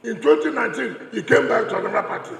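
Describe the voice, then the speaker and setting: A man's voice: extremely high pitch, fast, vocal fry. A Nigerian man giving a combative political speech, mocking and repeating phrases for emphasis. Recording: echoey hall, from a distance.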